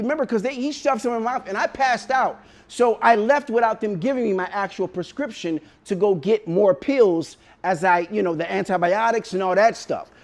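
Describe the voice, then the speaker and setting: High-voiced man telling a wild story. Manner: animated, swearing, bursts into shouts. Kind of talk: casual comic storytelling.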